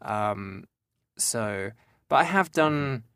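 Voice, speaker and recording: A man's voice: mid-range voice, expressive, drawn-out words, a bit bright, clean tone, no echo, clean studio sound. A young English man with a Southern English accent who works as a voice actor, chatting casually in an interview with frequent fillers and restarts. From England. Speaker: voice actor guest.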